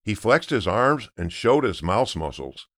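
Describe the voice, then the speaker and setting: A man narrating a children's story aloud in an expressive storytelling manner. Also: fairly low pitch, unhurried, no room sound, studio quality. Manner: expressive, sing-song storytelling.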